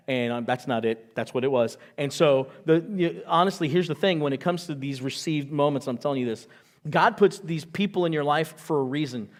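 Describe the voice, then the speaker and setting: Middle-aged guy preaching at church, chatty storyteller, slightly high voice. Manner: chatty storytelling with acted-out quotes. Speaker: pastor. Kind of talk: sermon. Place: church auditorium.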